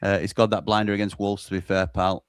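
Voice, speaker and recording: A man's voice: on the low side, level tone, quick pace, clean tone, no room sound, studio quality. A man hosting a casual football watchalong, reading out viewer comments with wry remarks. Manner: reads out chat messages, chatty and wry.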